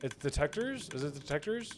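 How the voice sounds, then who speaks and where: A man's voice: on the high side, very animated, a little fast, noisy background. A young man streaming a game, chatting casually and reading chat aloud, rambling and swearing, with keyboard typing behind him.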